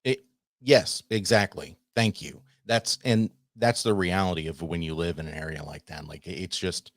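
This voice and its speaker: A man's voice: deep voice, moderate pace, dry recording, clean studio sound. A man hosting a casual talk show, wry and laid-back, reading out viewer comments. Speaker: podcast host.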